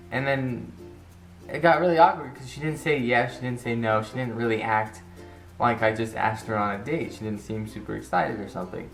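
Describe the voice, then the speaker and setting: A man's voice: mid-range voice, normal speed, fairly bright tone. A teenage man telling an embarrassing story to camera in a rambling, casual way, restarting sentences and acting out the quotes. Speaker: vlogger. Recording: roomy echo with faint guitar music.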